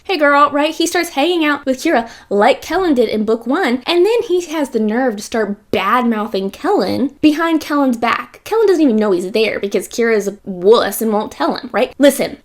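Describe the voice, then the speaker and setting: A woman casually reviewing a romance novel, talking emphatically, repeating her points and dropping slangy asides. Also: a little high. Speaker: book reviewer. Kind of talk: casual book review chat.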